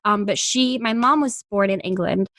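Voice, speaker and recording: A woman's voice: medium pitch, normal speed, fairly bright tone, no echo. A young woman from Long Island talks in a loose, chatty way and laughs easily between thoughts. She drops into playful put-on voices now and then. Her voice sits mid-range and sounds close and dry. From Long Island, New York. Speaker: voice-over actress guest. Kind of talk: casual interview chat.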